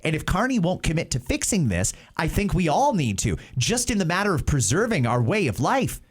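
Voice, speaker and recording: Animated Canadian male talk host. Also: a little high, fairly quick, breathy edge. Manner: passionate, emphatic political commentary. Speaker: show host. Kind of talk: opinionated talk show discussion.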